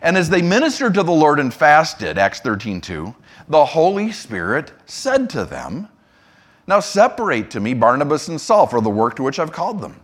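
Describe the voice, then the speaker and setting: A man preaching a sermon, telling a story with lively back-and-forth dialogue and slowing for emphasis. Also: on the high side. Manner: lively storytelling, acting out both sides of a remembered dialogue; slows and softens for emphasis. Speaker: pastor.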